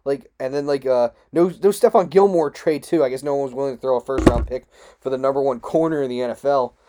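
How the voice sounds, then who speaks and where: A man hosting a solo sports talk show, ranting in a frustrated, rambling way, swearing and jumping sharply up in pitch. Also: fast talker, background noise. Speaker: podcast host.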